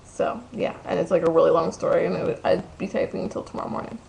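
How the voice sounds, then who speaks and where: A young woman talks into her home webcam, rambling, losing her thread and swearing freely. She sounds very tired, her voice heavy with gravelly fry. A faint hiss sits under the recording. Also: on the low side, fast talker, a little mellow, low-quality recording. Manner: rambling, loses track, crude swearing. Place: room at home. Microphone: webcam at the computer.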